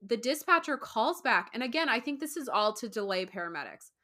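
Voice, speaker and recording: A woman hosting a casual true crime podcast, telling the case in an animated way, with frequent swearing. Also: on the high side, a little fast. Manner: animated, swearing, mimics people in quotes.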